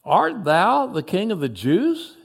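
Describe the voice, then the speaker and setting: A man reading a biblical story aloud, voicing a stern, exasperated Roman governor in slow, formal, archaic speech. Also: sits high, wildly swooping pitch, vocal fry, slightly rough, full character voice. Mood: questioning.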